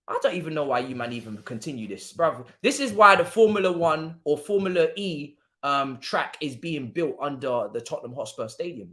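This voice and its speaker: A man ranting through a football watchalong stream. His pitch leaps up and down as he mocks rival fans, loud one moment and muttering the next. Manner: animated, mocking rival fans.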